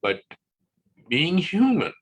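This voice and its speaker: Older man, bright voice, slow unhurried pace, relaxed wellness talk, frequent "right?" check-ins, video call. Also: fairly high pitch, husky. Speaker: wellness guest speaker. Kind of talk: casual presentation on an online class.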